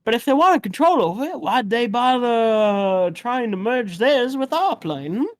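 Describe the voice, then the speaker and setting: Lady doing a mumbly old guy voice, jaw stuck out, folksy, lots of uhs, lively ups and downs. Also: on the high side, a little slow, no echo. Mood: musing. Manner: folksy, hesitant, full of uhs and trailing thoughts. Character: rambling old man who sends adventurers off.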